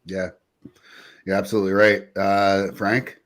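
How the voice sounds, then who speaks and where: A man's voice: sits low, little pitch movement, a little slow, fairly bright tone. Man, podcast host, casual review chat, laughs while retelling scenes.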